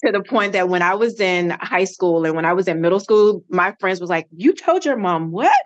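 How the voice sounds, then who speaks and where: A middle-aged woman, a podcast guest, telling a personal story with lively acted-out dialogue. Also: fairly low pitch, a little fast, dull audio. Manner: animated, acts out quoted dialogue.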